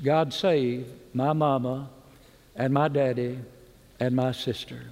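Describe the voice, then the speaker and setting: Middle-aged male preacher, earnest pleading altar-call delivery, mid-pitched, recorded in a reverberant large church. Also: fairly even intonation. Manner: earnest, pleading, drops soft and slow on key words.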